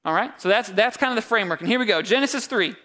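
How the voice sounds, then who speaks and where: Young male pastor, casual and jokey sermon delivery, high-pitched and bright. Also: animated, rapid-fire. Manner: casual and joking, with wide swings of pitch and loudness. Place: church.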